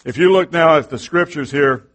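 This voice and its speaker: A middle-aged man delivers a sermon from the pulpit in a somewhat high voice. He preaches with fervor, leaning on rhetorical questions to drive his points home. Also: moderate pace, a bit bright. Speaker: pastor.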